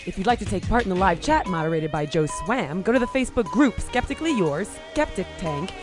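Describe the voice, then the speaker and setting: A woman's voice: mid-range voice, expressive, brisk, music in the background. A woman co-hosting a podcast, playful and teasing. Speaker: podcast co-host.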